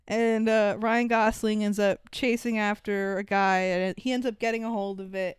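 A woman co-hosting a podcast, casually recapping a movie in animated talk, swearing freely and acting out lines. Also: medium pitch, smooth, no echo, studio quality. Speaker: podcast co-host.

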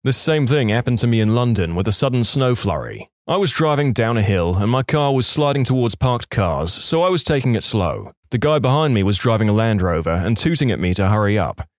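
Lively man reading stories aloud. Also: mid-range voice, fairly quick, few pauses, no room sound, clean studio sound. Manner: lively storytelling with acted quotes and asides. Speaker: podcast narrator. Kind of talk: scripted narration of reader stories.

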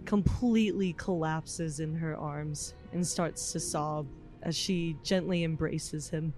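Player, slow, hesitant third-person narration, soft music bed. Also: medium pitch, steady tone. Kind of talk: narrating a tabletop game.

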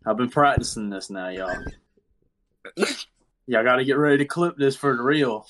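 A man's voice: medium pitch, animated, normal speed, background noise. A man co-hosting a podcast, talking in a blunt, laid-back way with casual slang. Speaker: podcast co-host. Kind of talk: casual chat.

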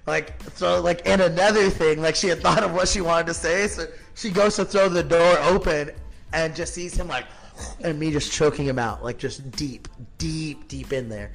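A man's voice: on the high side, normal speed, vocal fry, a bit bright. A man in his thirties, a podcast guest telling his story in a blunt, profane, casual way, full of filler words. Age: 30s.

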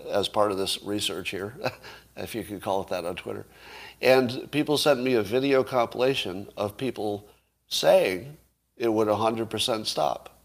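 A man hosting a casual livestream, arguing his point and throwing rhetorical questions at viewers, with the odd chuckle. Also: medium pitch. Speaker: livestream host.

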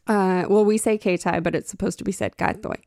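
A woman's voice: mid-range voice, steady tone, fast talker, warm tone, dry recording, studio quality. A woman guest, herself a podcast host, chatting casually in an easygoing, self-deprecating way. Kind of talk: casual chat.

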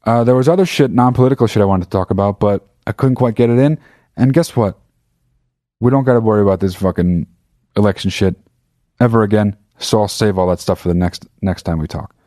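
In a loose, casual monologue, a male podcast host rants at his audience, cursing and pressing each point with animated emphasis. He speaks briskly in a low voice. The audio is dry, carrying no echo or room sound.

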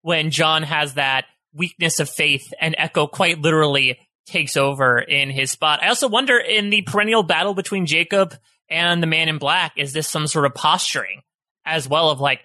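A man with a fairly high, very bright voice lays out analytical points on a casual podcast. The sound is close and dry, with no room around it. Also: moderate pace, dry recording. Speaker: podcast co-host.

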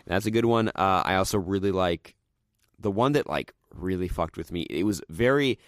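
A young man with a very deep, low voice talks in a loose, rambling way, full of "like" and "um". He retells stories with eager energy and sinks into a hushed mutter whenever he quotes someone. The sound is dry and close, with no room around it. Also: moderate pace, no room sound. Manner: rambling, many fillers, drops into low quiet voice for quotes. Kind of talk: casual chat, retelling stories.

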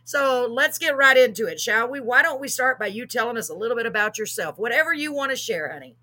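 A woman's voice: a little high, lively intonation, fast, bright, forceful tone. A middle-aged woman from Texas, hosting a live chat show, bubbly and jokey with frequent laughs. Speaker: show host.

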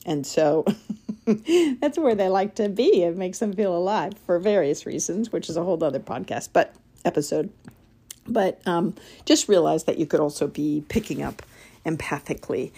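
A woman hosting a casual spoken podcast as an energy healer, chatty and animated, laughing often. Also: low voice, moderate pace, gravelly, slightly rough.

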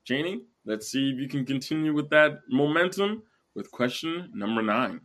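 A man's voice: mid-range voice, lively intonation, moderate pace, a bit bright. Joking young man hosting a quiz. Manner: jokey, teasing, reads questions aloud. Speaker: quiz show host. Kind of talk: casual podcast quiz hosting.

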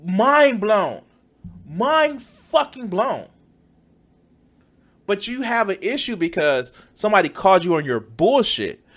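A man's voice: sits high, very animated, takes it slowly, pauses often, a bit bright. A man giving heated, profane reaction commentary, mocking and swearing often.

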